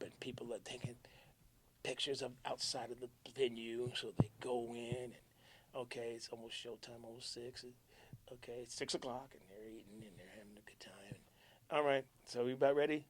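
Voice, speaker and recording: A middle-aged man, a radio DJ, casually telling old station stories, acting out the quotes and sinking to a near-whisper at times. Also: medium pitch. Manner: animated storyteller, acts out quotes, drops to near-whisper. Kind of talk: casual storytelling chat.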